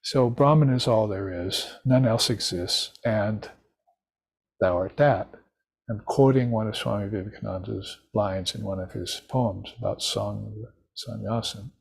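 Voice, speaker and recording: Husky-voiced man teaching spirituality. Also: fairly low pitch. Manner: unhurried, reflective, chants mantras. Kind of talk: recorded lecture on scripture.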